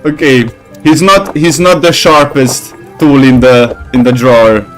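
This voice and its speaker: A man talking through a gameplay session in a loose, rambling way, full of swearing. His voice sits at an average pitch for a man, and he gets worked up and animated whenever he goes off on a story. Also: unhurried, faint music behind. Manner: rambling, profane, gets animated telling stories. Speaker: gaming channel host. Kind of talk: casual gameplay commentary.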